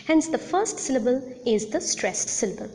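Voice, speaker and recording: A woman giving a recorded audio lecture, explaining slowly and deliberately with repeated examples. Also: a little high, big pitch swings, a little mellow, in a large hall.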